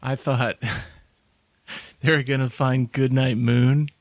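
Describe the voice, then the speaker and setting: Man, unhurried speech, dry close sound, laid-back jokey podcast chat. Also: mid-range voice, level tone, no echo. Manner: laid-back, laughs often, jokey asides. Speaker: podcast co-host. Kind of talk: casual movie chat.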